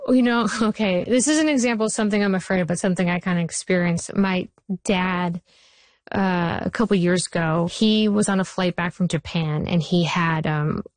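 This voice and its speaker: A woman in her forties, a TV series creator, telling stories in an animated way during an interview, full of "like" and "um". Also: fairly low pitch, normal speed, dry recording. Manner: animated storyteller, frequent "like" and "um". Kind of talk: interview conversation.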